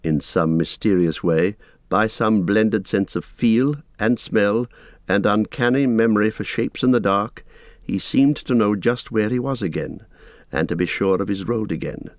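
Low-voiced male audiobook narrator. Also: a little slow, dry recording. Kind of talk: scripted fantasy audiobook narration.

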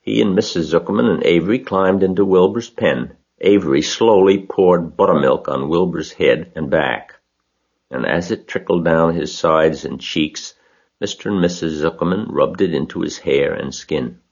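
A man with a husky voice reading a children's story aloud as narrator. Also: sits low, moderate pace, a little mellow, dull audio.

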